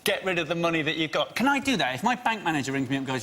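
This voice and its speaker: Bright-voiced man riffing incredulously. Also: fairly high pitch, sing-song, very fast. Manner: incredulous, laughing asides. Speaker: comedian panelist. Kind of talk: stand-up riffing. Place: TV studio with live audience.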